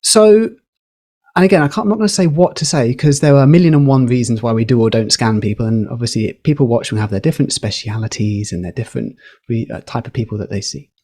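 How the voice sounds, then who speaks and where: A man on a podcast, explaining communication skills in a lively, teacherly way with a few fillers. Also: mid-range voice, fast. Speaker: podcast guest, communication educator. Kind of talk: explaining, casual podcast chat.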